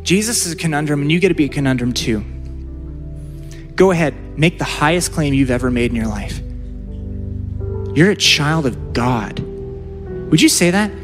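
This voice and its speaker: A man's voice: a little high, lively intonation, music in the background. A man preaching a sermon, stretching out repeated words for emphasis and leading the congregation in call-and-response. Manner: emphatic, drawn-out repetitions, leads call-and-response. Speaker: pastor.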